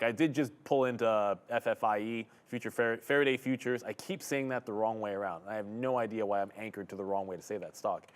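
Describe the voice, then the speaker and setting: A man co-hosting a live stock trading stream, casually explaining his orders, levels and timing. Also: medium pitch.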